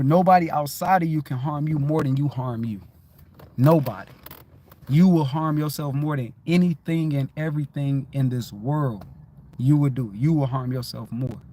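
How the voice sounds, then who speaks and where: Animated, swearing man with a raised voice. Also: on the high side, a little hiss or hum. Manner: animated storytelling, swears freely, repeats himself. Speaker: livestream host. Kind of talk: casual spiritual livestream talk.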